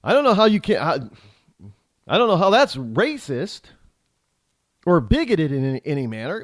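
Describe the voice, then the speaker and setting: A man's voice: a little high, wildly swooping pitch, moderate pace, long pauses, no echo. A man hosting a talk show, delivering a rambling, indignant political commentary monologue full of restarts and repeated words.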